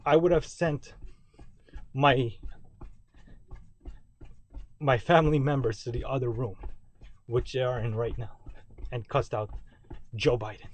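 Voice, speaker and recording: A man's voice: mid-range voice, fairly even intonation, unhurried, long pauses. Man rambling a video message. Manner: rambling, repetitive, ranting with self-corrections. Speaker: vlogger. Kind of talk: direct-to-camera video message. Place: home basement.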